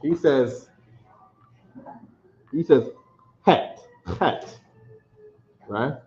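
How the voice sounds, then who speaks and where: This New York-accented man stretches out his words in a mid-range, slightly mellow voice while teaching a class. His lecture style is casual and repetitive, peppered with "right?" to check on listeners. The audio is lo-fi and dull, with room echo.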